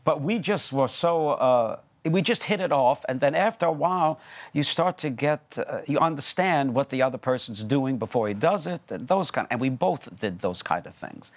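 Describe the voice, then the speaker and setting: An older actor talking in a relaxed interview, telling stories with animated delivery. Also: male voice, normal speed. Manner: animated storyteller, lively pitch, acts out quotes. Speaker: actor and guest. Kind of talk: casual interview chat.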